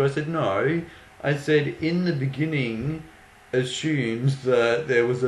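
A young man recounts a story in a loose, casual way, chuckling and poking fun as he goes. His voice sits at an ordinary pitch, and he talks at an unhurried, drawn-out pace. The recording is roomy and echoey, with a faint hum of ambience behind him. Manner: amused, laughing often, mocking. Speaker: vlogger. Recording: echoey room with faint background noise.

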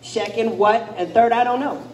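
A man playing a comic guest who poses as the coach in a comedy sketch, delivering deadpan, teasing wordplay. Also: very high-pitched, normal speed. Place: summer camp. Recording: echoey and distant with clear background noise.

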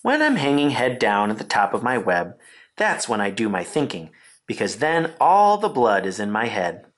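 A man voicing a calm, wise female spider in a storybook, steady and reassuring. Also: on the low side, normal speed. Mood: soothing.

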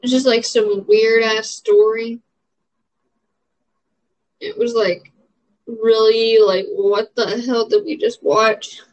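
A woman's voice: fairly high pitch, fairly even intonation, takes it slowly, long pauses. A young adult woman in a casual vlog, answering question prompts in a rambling, frank way with lots of fillers. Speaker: vlogger. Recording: dull lo-fi audio.

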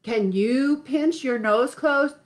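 A woman with a bright, high voice leads a sing-along for little kids from her home, speaking slowly and tenderly as if to a toddler. She chats into a laptop mic, warm and encouraging with her young audience. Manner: gentle, affectionate, talks slowly to small children. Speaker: children's music host. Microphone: laptop computer mic.

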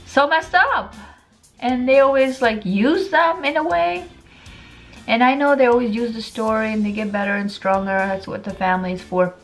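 A woman's voice: fairly high pitch, rough recording. A woman talking casually to her viewers in an opinion vlog, chatty and emphatic, repeating her points and eating as she speaks. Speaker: lifestyle vlogger.

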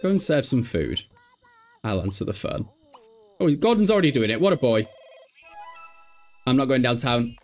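A young man casually commenting on a life-sim game, laughing often and yelling at the characters. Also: mid-range voice, very animated, normal speed, long pauses. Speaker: streamer. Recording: faint music behind.

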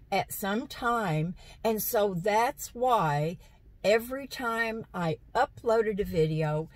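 A woman's voice: medium pitch, no echo, poor audio. A woman, chatting to her viewers from a parked vehicle, rambling through stories and laughing often. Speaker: vlogger. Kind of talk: casual chat to viewers. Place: parked vehicle in a parking lot. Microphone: phone on a stand.

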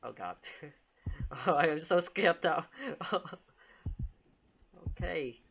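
A man's voice: a little high, animated, takes it slowly, gravelly, fairly bright tone, a little hiss or hum. A man giving jokey, casual commentary while playing a game and talking back to it with frequent exclamations. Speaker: gamer.

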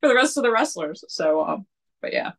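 Speaking a little fast with a sing-song, medium-pitched voice, a woman in her forties co-hosts a casual chat show. She rambles and jokes, makes fun of herself, and laughs a lot.

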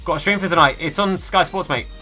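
A young man streaming a football game live, shouting at the match and chatting casually with his viewers. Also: sits high, quick pace, faint music behind. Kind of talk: live gameplay commentary.

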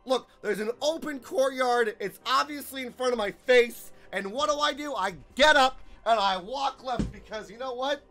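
Excitable high-voiced man streamer. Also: moderate pace, few pauses. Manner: excitable, exclaiming loudly. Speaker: streamer reacting to a game. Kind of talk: excited reaction commentary. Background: game music.

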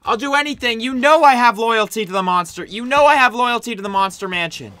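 Lady doing a scared little assistant, squeaky begging voice, grovels. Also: expressive, fairly quick, fairly bright tone, no room sound. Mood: pleading. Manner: pleading, high-pitched begging. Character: frightened groveling female assistant.

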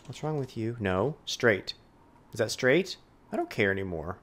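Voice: medium pitch, sing-song, normal speed, fairly bright tone. A let's play host doing gaming commentary, ranting at the game and talking to it as if it were a person.

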